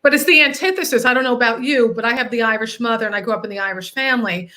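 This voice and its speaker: A woman with a high voice hosts a casual interview. She tells stories in an animated, chatty way, filling gaps with ums. The talk is loose and conversational. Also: racing. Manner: chatty, animated storyteller, fillers. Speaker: host.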